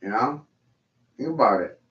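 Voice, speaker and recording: A man's voice: mid-range voice, lively intonation, moderate pace. A man in his forties delivering a crude, profane, rambling monologue in a mocking tone. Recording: echoey room, dull lo-fi sound.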